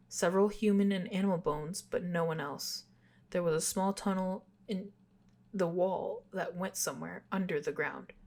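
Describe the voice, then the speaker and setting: A young woman co-hosting a podcast, reading spooky stories aloud and stopping to chat, giggly and quick to apologize for her stumbles. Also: on the low side. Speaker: podcast co-host.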